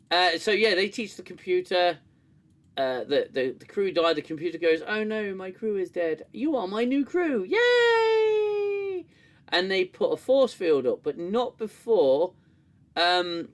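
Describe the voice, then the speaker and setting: Male host, slightly high voice, sarcastic, animated, swears freely on a casual review stream. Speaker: show host reviewing an episode. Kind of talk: casual livestream review chat.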